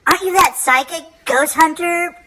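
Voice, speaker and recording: A woman's voice: very high voice, normal speed, noisy background, pitched above the performer's own voice. A woman voicing a gushing, gullible female customer who pleads breathlessly.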